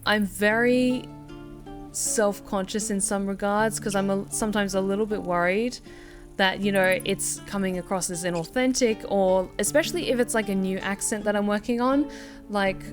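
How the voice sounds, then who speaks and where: A woman voice actor chats casually while she plays a game on stream at home. She is reflective and self-deprecating, with a mid-range voice. Game music plays clearly behind her words. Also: medium pitch, steady tone, moderate pace. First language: not originally American. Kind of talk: casual gameplay commentary.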